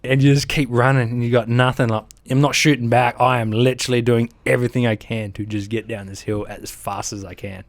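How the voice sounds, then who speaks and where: A man in his thirties with an Australian accent tells war stories from his army service during an interview. His medium-pitched voice runs a little fast with few pauses and no echo, and he animatedly acts out sounds and quotes, laughing as he talks.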